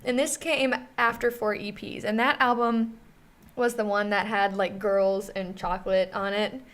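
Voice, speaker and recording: A woman's voice: mid-range voice, steady tone, a little slow, a bit bright. A young woman co-hosting a casual podcast, talking in a rambling, self-deprecating, giggly way. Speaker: podcast co-host. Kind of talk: casual chat.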